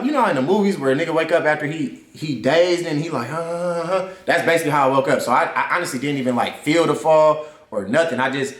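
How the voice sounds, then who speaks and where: A man's voice: on the high side, fairly bright tone. A young man animatedly telling a personal story in casual slang, leaning on "I'm like" to replay the scene. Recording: roomy echo.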